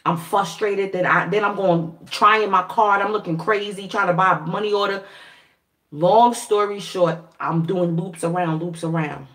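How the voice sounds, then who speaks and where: A woman vlogger telling a story to her viewers in a casual, animated way, swearing freely and laughing often. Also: mid-range voice, moderate pace. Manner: animated, profane, laughing, acts out quoted voices. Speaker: spiritual reader and vlogger. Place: at home.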